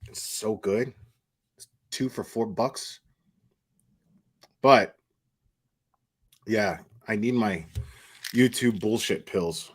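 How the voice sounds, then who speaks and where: A man doing casual live commentary, telling profane, animated anecdotes and laughing often. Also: lowish voice, drawn-out words, pauses often, breathy edge. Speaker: commentary streamer.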